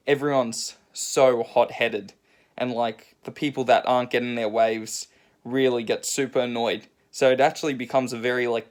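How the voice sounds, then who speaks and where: A man telling a surf story in a casual, rambling rant full of fillers. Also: mid-range voice. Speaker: surf vlogger.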